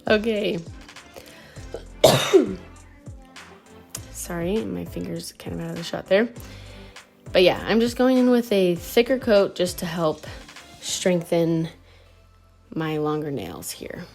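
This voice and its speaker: A woman with a lowish voice walks through a home tutorial at an unhurried, easy pace. She is chatty and friendly and a little breathless, and faint music plays behind her. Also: animated, creaky, a little mellow. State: slightly out of breath. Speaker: home nail tutorial host. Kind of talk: casual how-to narration.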